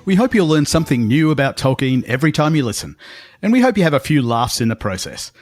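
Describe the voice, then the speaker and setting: A man's voice: fairly high pitch, sing-song, fast talker, a little mellow, no room sound, studio quality, faint music behind. A man co-hosting a podcast, explaining pronunciation carefully like a lecture. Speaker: podcast co-host. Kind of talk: casual podcast chat.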